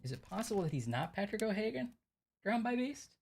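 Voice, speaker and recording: A woman's voice: mid-range voice, sing-song, brisk, vocal fry, a little mellow, a little hiss or hum. A young woman chatting playfully while she plays a mystery game on stream, thinking aloud. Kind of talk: casual game-stream chat.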